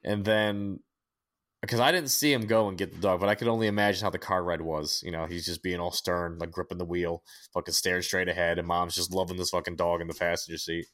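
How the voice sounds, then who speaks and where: A young adult man, co-hosting a podcast and telling a story in casual chat, profane and animated with many restarts. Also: sits low, quick pace. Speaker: podcast co-host.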